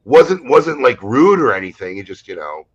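A man in casual chat, telling an anecdote in a halting, lively way. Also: mid-range voice, lo-fi sound, a crowd in the background. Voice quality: lively, halting delivery with restarts.

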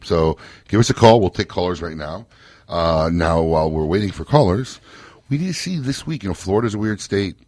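A man's voice: sits low, expressive, a little fast, darkish tone, no room sound. A man hosting a casual radio talk show, joking, laughing often and telling stories with energy. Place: radio studio.

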